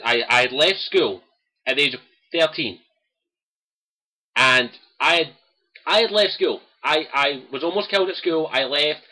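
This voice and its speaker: A young man with a Scottish accent talks straight to his stream viewers in a personal monologue. His voice sits high for a man and comes out bright and forceful. He is earnest and impassioned, returning again and again to the same phrases. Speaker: host of a gaming livestream.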